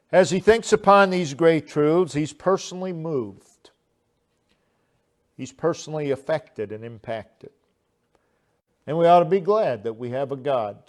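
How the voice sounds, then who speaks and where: A man preaching a sermon to his church, delivering each point in an emphatic, measured way with pauses. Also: a little high, a little mellow. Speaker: pastor. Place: church sanctuary.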